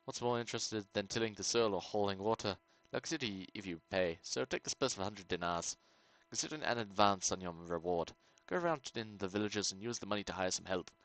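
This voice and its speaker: A man voicing a worried townsman from a game who persuades a stranger to rescue his brother, in a put-on accent and a measured, coaxing manner. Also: on the low side, a bit bright, dry recording, poor audio. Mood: persuasive. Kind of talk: reading game dialogue aloud.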